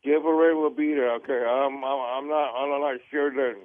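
Halting male caller on a tinny phone line. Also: mid-range voice, steady tone, no echo. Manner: halting, repeats himself. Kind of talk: phone call to a radio show.

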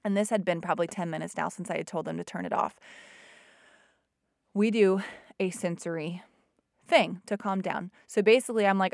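A woman's voice: on the low side, fairly even intonation, moderate pace, creaky, long pauses, darkish tone, no echo, studio quality. A woman, a mother, chatting casually to her audience, retelling a family story with many "like" fillers.

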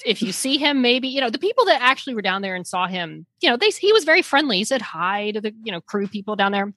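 Woman host, bright voice, dry close sound, enthusiastic. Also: on the high side, very animated, fast talker, no echo. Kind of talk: casual chat.

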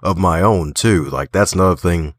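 Deep-voiced man, lively folksy storyteller. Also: moderate pace, dry recording. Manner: animated storyteller, folksy phrasing, laughs often. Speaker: interview guest, author and podcaster. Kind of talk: casual conversational interview.

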